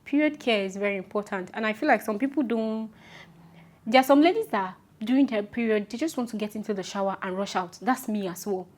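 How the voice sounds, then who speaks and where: A woman's voice: medium pitch, fairly quick. A young woman with a Nigerian accent giving casual, emphatic advice to her viewers, often repeating her points and calling them "my love". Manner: chatty, affectionate, repeats instructions emphatically. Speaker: vlogger. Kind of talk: casual advice talk to camera.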